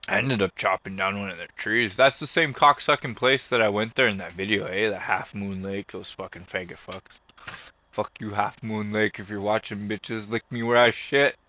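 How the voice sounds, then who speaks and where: A man's voice: fairly low pitch, fairly even intonation, normal speed, bright, forceful tone. A man vlogging, telling a long rambling story full of swearing and rants. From Canada. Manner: profane, ranting storyteller. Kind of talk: casual rambling monologue.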